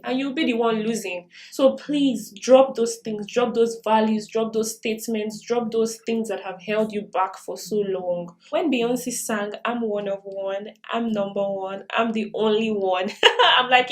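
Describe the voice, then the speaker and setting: A woman's voice: medium pitch, darkish tone, rough recording. A young woman in her twenties vlogging while doing her makeup, giving earnest, encouraging self-improvement advice and laughing often. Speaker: lifestyle vlogger. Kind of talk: casual get-ready-with-me advice vlog. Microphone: camera mic while doing makeup.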